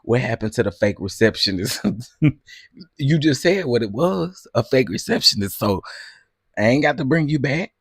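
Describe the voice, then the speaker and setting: A man hosting a casual live stream, chatty and quick to laugh, talking straight to his viewers. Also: mid-range voice, lively intonation, creaky, slightly rough, no echo, studio quality.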